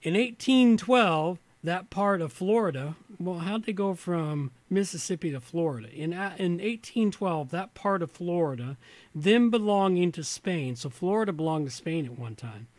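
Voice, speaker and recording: A man's voice: sits high, expressive, normal speed, darkish tone, no echo. Tipsy man reading aloud with rambling asides. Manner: rambling, muttered asides between read passages. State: slightly tipsy. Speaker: host. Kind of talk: casual livestream reading from an old reference book.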